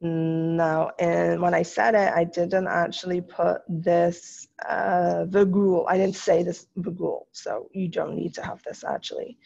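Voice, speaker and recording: A woman's voice: lowish voice, flat delivery, unhurried, creaky, hardly any pauses, darkish tone. A woman French teacher giving a recorded lesson, patiently explaining in English with French phrases. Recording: dull lo-fi recording.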